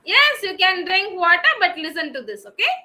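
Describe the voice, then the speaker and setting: A woman's voice: extremely high pitch, sing-song, moderate pace, bright, forceful tone. A woman teaching young children in an online class, calling on them by name and praising their answers. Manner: patient, questioning children by name. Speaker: kindergarten teacher.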